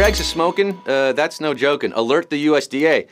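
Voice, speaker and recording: This quiz show host's voice is a little high and animated, running a little fast over background music. He rattles off live trivia questions full of puns and jokes, bouncing along and slipping into sudden silly voices.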